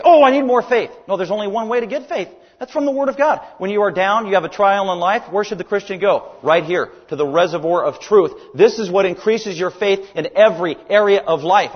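A man's voice: fairly high pitch, big-room sound. A man preaching a sermon with emphatic delivery, his voice climbing on key words.

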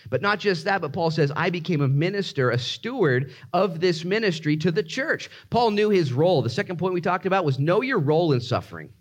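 A male pastor preaching a sermon, moving between quiet prayer and lively, animated teaching with high excited outbursts. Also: a little fast, few pauses.

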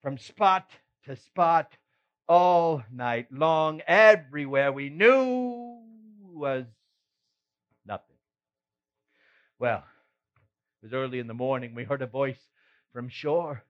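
A man's voice: medium pitch, slow pace, pauses often, dull audio, natural voice. A man playing the apostle Peter, a middle-aged fisherman, telling his story in a folksy first-person monologue with frequent chuckles. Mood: animated.

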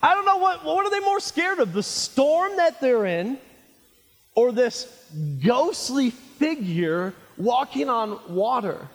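A male pastor preaching a sermon, animated and jokey, calling his listeners friends. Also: very high-pitched, slow. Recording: reverberant hall.

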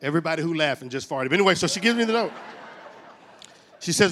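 Middle-aged male preacher, high voice, comic animated storyteller. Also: very fast. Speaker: motivational church speaker. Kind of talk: comic sermon.

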